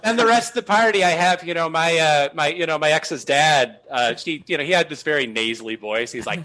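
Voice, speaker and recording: A man's voice: a little high, fairly quick, hardly any pauses, sharp tone, poor audio. A man, a guest comedian, telling a story casually with lots of "you know" and "uh" fillers.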